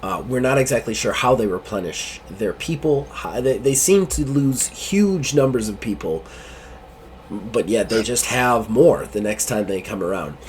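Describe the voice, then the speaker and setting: A man's voice: mid-range voice, expressive, unhurried, a little hiss or hum, pitched below the performer's own voice, lightly acted. A man voicing a stern, frustrated female starship captain in a tabletop game. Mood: weary.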